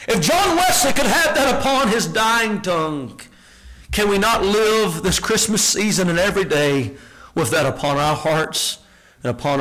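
Impassioned high-voiced male preacher. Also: poor audio. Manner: impassioned, rises to shouted peaks, then drops low and hushed. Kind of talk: sermon.

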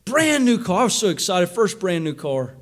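High-voiced preacher man. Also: big pitch swings. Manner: preaching with rising shouts and slow emphatic quotes. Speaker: pastor. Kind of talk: sermon.

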